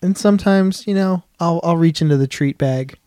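Podcast co-host, man, mellow and dry, deadpan one-liners. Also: moderate pace, clear, resonant tone, no echo. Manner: dry, low-key quips. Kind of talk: casual chat.

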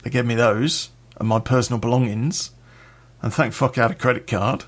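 A man's voice: medium pitch, fairly even intonation, moderate pace. A man telling a personal story in a blunt, sweary way, with a laugh now and then.

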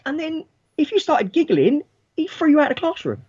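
In a casual chat, a man in his forties tells a story from his school days, animated and swearing freely as he acts out the people he quotes. His voice is very high and his pace brisk, and the sound is lo-fi.

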